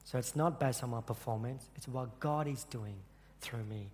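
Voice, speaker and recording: A male church speaker with a mid-range, slightly mellow voice recounts something personal from the pulpit. He's earnest yet halting, frequently beginning his sentences again, and the room carries a long, echoing reverb.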